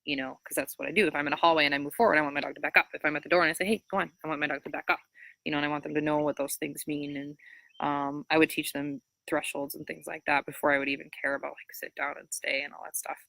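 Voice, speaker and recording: Low-pitched bright woman giving dog-training advice. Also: rapid-fire, vocal fry, dry recording. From Minnesota. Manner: chatty, frequent fillers, animated high-pitched voice when quoting praise to dogs. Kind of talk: casual advice Q&A.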